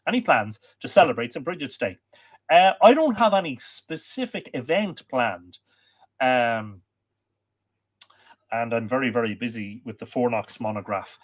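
A man's voice: mid-range voice, lively intonation, normal speed. An Irish man hosting a live stream, chatting casually, reading out viewer comments and recommending books, with plenty of ums and uhs. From Ireland. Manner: chatty, reads viewer comments aloud, many fillers. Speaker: livestream host. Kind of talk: casual livestream chat.

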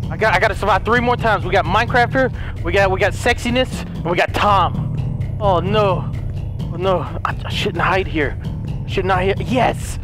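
A young man giving comedic let's play commentary, frantic and pleading, shouting and laughing as he plays. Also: high-pitched. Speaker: gaming video host.

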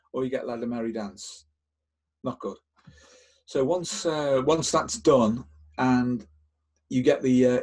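An older male therapist hosting a podcast, explaining a method step by step in a calm, instructive way with frequent restarts and repeated words. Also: medium pitch, husky.

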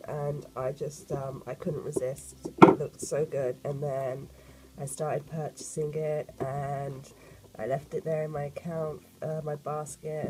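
A woman, croaky from a cold, chatting excitedly as she unboxes a sketchbook for an art vlog. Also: low voice, poor audio. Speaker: art vlogger.

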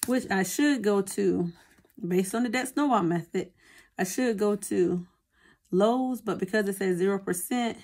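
A woman's voice: mid-range voice, measured pace, darkish tone. Chatty woman budgeting vlogger. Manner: chatty, addresses viewers as y'all. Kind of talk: casual chat to viewers.

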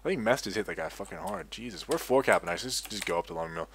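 A tired young man talks through his game in a loose, rambling ramble, swearing freely and poking fun at himself. His voice sits a little low, and keyboard typing clicks along behind him. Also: expressive, fast talker, fairly bright tone. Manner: rambling, profane, self-mocking. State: sleep-deprived, tired. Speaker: gaming video creator. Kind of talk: casual gameplay commentary.

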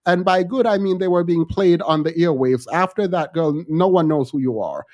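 A man's voice: a little high, moderate pace, a little mellow. A man hosting a reaction commentary, sarcastic and mocking. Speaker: commentary channel host.

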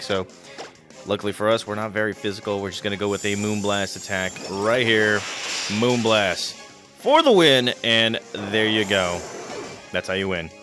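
A man commentating a video game playthrough, chatty and excitable, with frequent stumbles and restarts. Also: fairly low pitch. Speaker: let's play commentator.

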